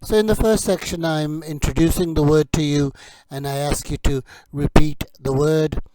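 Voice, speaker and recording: A man teaching English vocabulary in a slow repeat-after-me drill, speaking in a measured, deliberate way with hesitant pauses. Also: fairly high pitch, fairly even intonation, mellow, slight background noise, low-quality recording.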